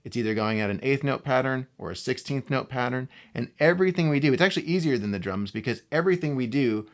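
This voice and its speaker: A man teaching a casual guitar lesson, speaking in a relaxed way and often checking in with the viewer. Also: mid-range voice, quick pace. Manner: relaxed, talks to the viewer with frequent "right?" and "okay?". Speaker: guitar instructor.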